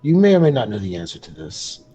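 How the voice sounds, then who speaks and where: A man's voice: lowish voice, huge pitch swings, fast, mellow, slightly rough, soft background music. A man playing a tabletop game, putting polite, formal questions in character. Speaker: player.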